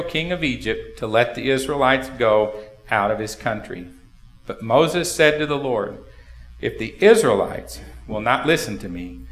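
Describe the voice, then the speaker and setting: Medium in pitch and a bit bright, a male pastor's voice echoes through the church sanctuary. He delivers his sermon in a conversational way, asking the congregation rhetorical questions.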